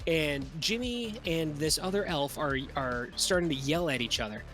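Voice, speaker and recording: A man's voice: on the high side, lively intonation, normal speed, a bit bright, faint music behind. A man as game master, narrating a tabletop game in a casual, vivid, profane way.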